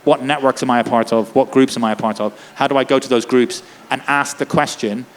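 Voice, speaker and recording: A man's voice: medium pitch, steady tone. A man speaking with passion and urgency, a lawyer and activist, peppering his talk with "like" and "right?". He speaks in a festival tent, with a faint hum of noise behind him. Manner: impassioned, rapid, many "like" and "right?" tags. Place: festival tent before an audience.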